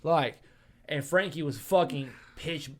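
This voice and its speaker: A man's voice: fairly high pitch, slow, slight background noise. A young man hosting a casual podcast, telling profane, laughing stories and acting out his friends' voices. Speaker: podcast host.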